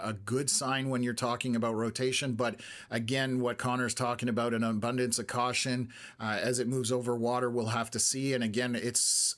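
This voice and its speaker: A man hosting a live storm-tracking stream, talking in a halting way with many fillers while urging viewers to take shelter; his voice is going a little hoarse. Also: mid-range voice, fairly bright tone. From Canada. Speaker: weather stream host.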